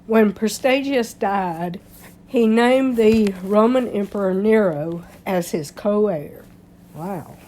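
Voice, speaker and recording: A woman with a stuffy, congested voice reads a history article at an unhurried, slow pace. Her pitch sits in a middling range, and she stumbles over words and clears her throat now and then. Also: warm tone. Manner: halting reading with slips and throat clearing. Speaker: history channel host. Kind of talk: reading an article aloud.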